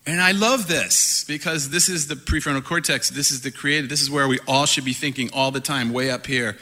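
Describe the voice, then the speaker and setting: Middle-aged guy preaching, kinda high voice, joking around, echoey hall. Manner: animated, playful, laughs often. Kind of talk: sermon. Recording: hall reverb.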